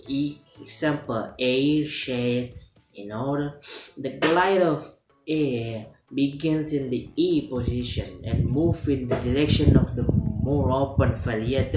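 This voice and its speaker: A student works slowly through prepared notes, stopping often with fillers and corrections along the way. The voice sits in a roomy, echoing space, and clear music plays underneath. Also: medium pitch. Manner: halting, hesitant reading with fillers and self-corrections. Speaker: student presenting an assignment. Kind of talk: reading lecture notes aloud.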